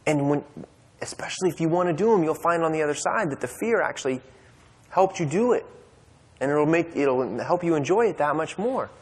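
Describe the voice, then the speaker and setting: A man's voice: on the high side, lively intonation, a little fast, darkish tone, slightly rough. A man telling a personal story at a Bible study, casual and conversational with fillers and restarts. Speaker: speaker at a men's Bible study. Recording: long hall reverb.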